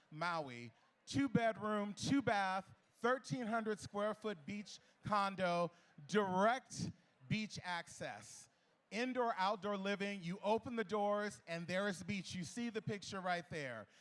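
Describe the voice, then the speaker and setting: A man calling bids at a charity gala auction, playful and teasing with bidders, repeating the bids in quick patter. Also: sits high, fairly bright tone. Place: gala ballroom.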